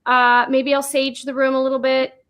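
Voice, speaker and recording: A woman's voice: sits high, completely flat delivery, normal speed, a bit bright, smooth, soft background music. A woman from Nova Scotia with a Canadian accent, chatting casually as a guest on a paranormal livestream, rambling with lots of fillers.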